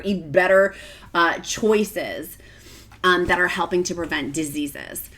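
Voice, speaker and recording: A woman's voice: on the low side, moderate pace, sharp tone. Emotional, gushing woman vlogger. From Virginia, United States. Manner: emotional and gushing, often near tears. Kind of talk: casual talk to camera.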